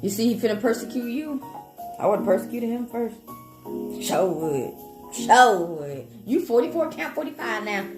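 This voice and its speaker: A woman, a live tarot reader chatting casually with viewers in a blunt, profane, animated way. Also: on the high side, fairly quick. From Atlanta, Georgia, US South. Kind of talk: casual livestream chat with viewers. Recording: echoey room with background music.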